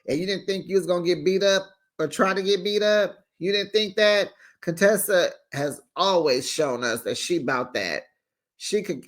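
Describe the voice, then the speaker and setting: A woman's voice: on the low side, a bit bright. A woman hosting a casual recap show, chatty and sassy, laughing often and acting out quotes. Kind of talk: casual reality-TV recap chat.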